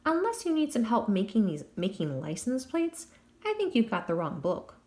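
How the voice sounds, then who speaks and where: A woman's voice: fairly high pitch, huge pitch swings, moderate pace, a little mellow. A woman voicing a cocky young English man locked in a jail cell, boastful and swaggering.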